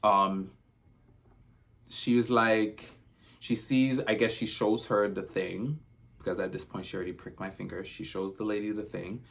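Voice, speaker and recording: Man, storytime vlog, rambling retelling, lots of reported speech, gravelly creak in the voice. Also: fairly low pitch, steady tone, unhurried, fairly bright tone. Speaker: vlogger.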